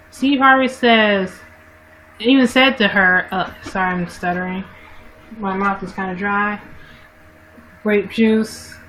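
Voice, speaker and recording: A woman chats to her livestream viewers in a slow, unhurried drawl, her voice sitting a little high. She rambles and keeps stopping to correct herself, picked up by a webcam mic with a faint hiss underneath. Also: a bit bright, poor audio. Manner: rambling, frequent self-corrections and restarts. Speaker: livestream vlogger. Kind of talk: casual rambling monologue to viewers.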